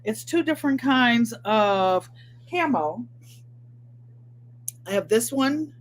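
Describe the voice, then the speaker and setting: A woman's voice: a little high, lively intonation, slow pace. Chatty older woman hosting a sewing vlog. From Connecticut. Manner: rambling, talks to viewers by name. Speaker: crafting channel host.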